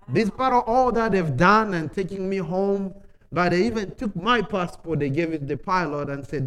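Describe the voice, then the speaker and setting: A man preaching a testimony in broken English, telling his story with animation and dropping from quiet, low passages into loud, excited ones. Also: moderate pace, clear, resonant tone, rough recording. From Africa. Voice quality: non-native English, broken grammar. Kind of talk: sermon testimony.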